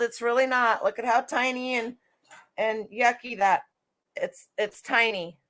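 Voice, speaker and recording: A woman's voice: a little high, fairly bright tone. A middle-aged woman who resells vintage clothing, chatting casually and rambling on a live stream with lots of restarts.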